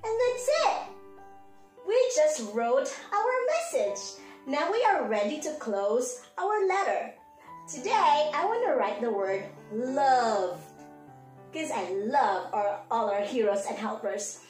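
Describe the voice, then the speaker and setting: A woman, a preschool teacher, giving a slow, sing-song morning lesson to small children. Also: sits high, sing-song, darkish tone, echoey room, soft background music. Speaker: pre-K teacher.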